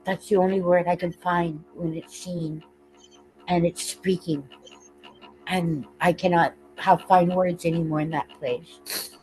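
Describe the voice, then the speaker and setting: A woman on a video call, sharing openly and tearfully, halting often and laughing through her tears. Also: lowish voice, steady tone, darkish tone, soft background music, rough recording. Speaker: participant in an online group call. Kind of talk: emotional open sharing.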